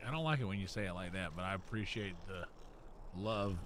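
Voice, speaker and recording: A man's voice: deep voice, animated, fairly quick, fairly bright tone, slight background noise. Laid-back male game streamer. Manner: laid-back, chatty with viewers. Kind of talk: casual gameplay chat.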